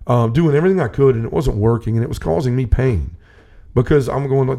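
A man's voice: mid-range voice, fast, gravelly, warm tone. A man telling a personal faith story in casual conversation, earnest and rambling with many restarts. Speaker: podcast host. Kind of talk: personal testimony in casual talk.

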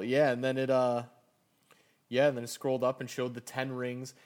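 A man's voice: mid-range voice, steady tone, normal speed. A man co-hosting a casual podcast, speaking hesitantly and repeating words as he works out his thoughts. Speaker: podcast co-host. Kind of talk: casual chat.

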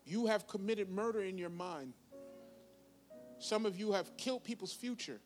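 A man in his fifties preaching a sermon as pastor, swinging between loud, high bursts and quiet conversational asides. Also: moderate pace, soft background music. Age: 50s.

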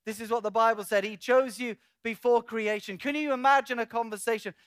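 A man preaching a sermon in an animated way, acting out imagined dialogue and letting his loudness swell and drop. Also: extremely high pitch, a little fast, clean tone, dry recording, studio quality. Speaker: pastor.

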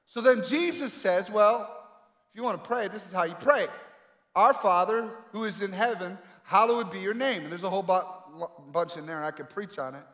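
High-voiced man preaching in an echoey hall. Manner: emphatic preaching with dramatic pauses, swinging from loud calls to quiet asides. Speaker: pastor. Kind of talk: sermon. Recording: echoey hall with long reverb.

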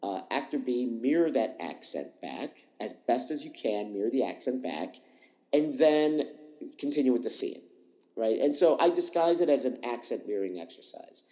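A man's voice: medium pitch, big pitch swings, normal speed, darkish tone, poor audio. A man, an improv teacher, answering interview questions in a thoughtful, explanatory way, often restarting and repeating words. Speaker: improv teacher, podcast guest.

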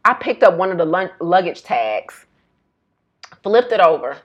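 Animated woman telling a story. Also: on the low side, unhurried, dull audio. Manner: animated storyteller, says y'all, laughs often. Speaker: health educator and vlogger. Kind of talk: casual storytelling to camera.

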